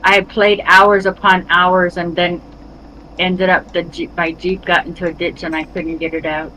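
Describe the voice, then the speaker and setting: A woman's voice: fairly low pitch, little pitch movement, moderate pace, pushed and bright, a little hiss or hum, poor audio. A middle-aged woman chatting casually with friends while playing a game, often stopping and restarting her sentences. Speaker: streamer. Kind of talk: casual chat while gaming.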